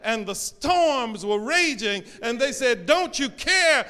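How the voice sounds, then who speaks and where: A male pastor preaching a sermon, swinging between loud calls and hushed, drawn-out lines. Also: very high voice, lively intonation. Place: church sanctuary. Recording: reverberant church sanctuary.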